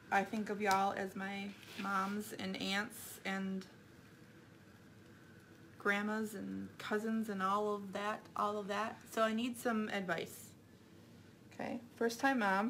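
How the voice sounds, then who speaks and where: A woman's voice: mid-range voice, a bit bright, a little hiss or hum. A young mother, chatting casually while she crafts, rambling and repeating herself. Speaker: craft vlogger.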